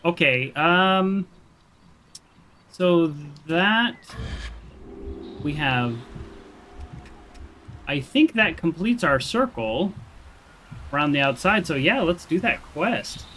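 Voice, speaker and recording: A man's voice: fairly high pitch, lively intonation, takes it slowly, long pauses, sharp tone, slight background noise. A man casually commenting while playing a video game, chatty and self-deprecating, thinking aloud with fillers and restarts. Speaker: gaming streamer. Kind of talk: casual let's-play commentary.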